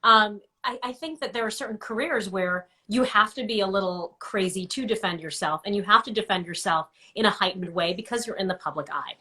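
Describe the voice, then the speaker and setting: A woman's voice: medium pitch, brisk, few pauses, bright, forceful tone. A woman hosting a podcast, encouraging and reflective as she talks with her guest. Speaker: podcast host. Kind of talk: casual interview chat.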